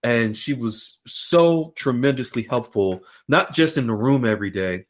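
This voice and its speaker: Casting note: man, mid-pitched host, encouraging, introduces guests. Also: animated, unhurried. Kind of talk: casual chat.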